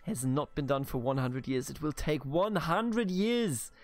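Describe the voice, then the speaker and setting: A man's voice: a little high, a little slow, faint music behind. A man from Bavaria with a German accent, casually commenting on a strategy game he plays, swearing, laughing and talking to the game's characters. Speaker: let's play host.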